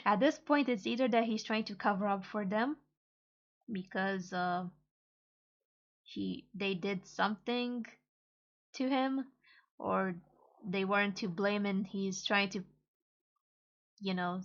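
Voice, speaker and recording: Female, casual comic reader-translator; hesitant, unhurried delivery, muffled home mic. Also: medium pitch, fairly even intonation. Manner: hesitant, halting, many pauses and fillers.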